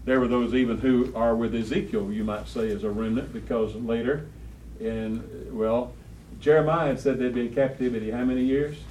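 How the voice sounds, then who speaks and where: A man's voice: mid-range voice, fairly even intonation, moderate pace, darkish tone. A man teaching a Bible study class, quizzing the students and repeating key phrases with emphasis. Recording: roomy, distant, faint room noise.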